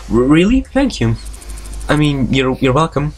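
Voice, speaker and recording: A man's voice: on the high side, sing-song, normal speed. Swearing man reading a visual novel. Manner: swears freely, breaks off into tangents and jokes; reads story text aloud, stumbling over words. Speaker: let's play host.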